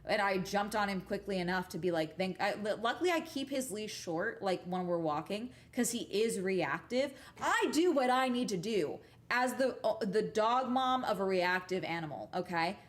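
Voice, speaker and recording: A woman's voice: mid-range voice, lively intonation, moderate pace, few pauses. A woman livestreaming from home, telling rambling stories to her chat in a casual, profane, emphatic way and tagging sentences with "okay?". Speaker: livestream host chatting with viewers.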